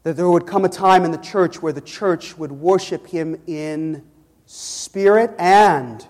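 A man's voice: a little high, slow pace, a little mellow. A man from Chicago preaching a sermon as pastor, building emphasis and calling out to the congregation. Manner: preaching with rising emphasis and audience call-outs. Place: church sanctuary. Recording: long reverb in a church hall.

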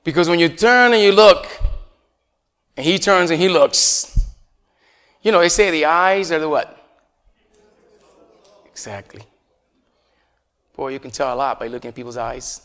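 A man's voice: fairly high pitch, unhurried, pauses often, fairly bright tone. A man from Puerto Rico preaching a conversational sermon as pastor, chatty and full of rhetorical questions. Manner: chatty, asks the congregation rhetorical questions, chuckles often.

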